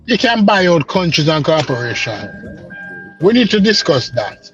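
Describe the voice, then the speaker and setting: A man's voice: a little high, big pitch swings, measured pace, creaky, fairly bright tone, faint music behind. A man from the Caribbean calling into a live stream, speaking earnestly and in a lecturing way, often repeating himself. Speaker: caller on a live stream panel. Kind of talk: casual political discussion. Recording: dull lo-fi call audio.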